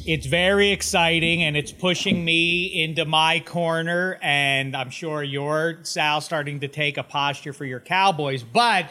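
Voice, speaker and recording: A man's voice: on the high side, measured pace, hardly any pauses, bright, forceful tone. A man co-hosting a sports podcast, talking in a dry, teasing way. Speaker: podcast co-host. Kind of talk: casual sports chat.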